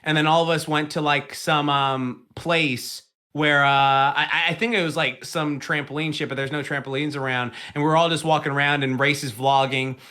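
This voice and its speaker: A man's voice: a little high, steady tone, moderate pace, hardly any pauses, bright, forceful tone. A man co-hosting a podcast in casual chat, rambling through a story, swearing and laughing as he goes. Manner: rambling, swears a lot, laughs while telling stories. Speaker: podcast co-host.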